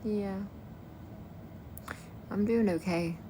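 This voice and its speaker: A woman's voice: medium pitch, very slow, dark tone, slight background noise. A young woman from Kosovo chatting casually on a livestream, answering her viewers' comments as they come in. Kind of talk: casual live-stream chat.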